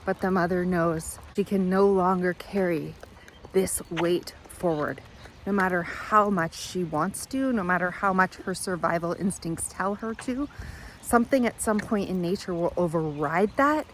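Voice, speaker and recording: A woman giving a reflective self-help monologue, speaking in slow, measured, repetitive phrases. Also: on the low side, a little hiss or hum, poor audio.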